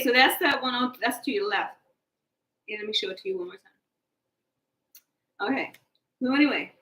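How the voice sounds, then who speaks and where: A woman giving a casual tarot reading, animated and joking, laughing often as she talks. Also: sits high, roomy sound, poor audio. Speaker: tarot card reader.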